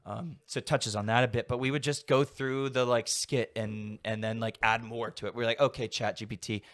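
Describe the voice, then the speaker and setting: A man's voice: mid-range voice, steady tone, moderate pace, a bit bright. A young adult man talking casually as a podcast guest, rambling and filling his sentences with "like". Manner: rambling, heavy use of "like" fillers. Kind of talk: casual conversation.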